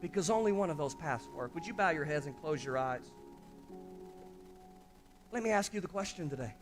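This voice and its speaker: A man's voice: a little high, expressive, moderate pace, music in the background. A male pastor preaching an impassioned sermon, often calling out to the congregation.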